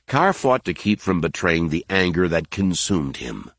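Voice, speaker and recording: With a deep voice, a man narrates an audiobook in a measured, even reading of scripted text. The recording is dry and studio quality.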